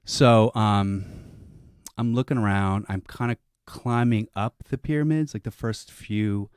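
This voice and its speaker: A man's voice: on the low side, measured pace, a little mellow, clear, resonant tone, no room sound. A man in a dry close-mic studio, telling a comic story on a podcast in a rambling, self-interrupting way with frequent restarts.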